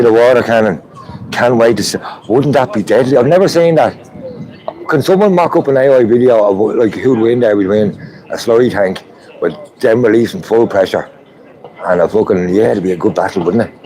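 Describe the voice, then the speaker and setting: A man's voice: on the low side, warm tone, poor audio. An Irish man livestreaming from a street protest outdoors, chatting casually and greeting viewers by name. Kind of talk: live street stream.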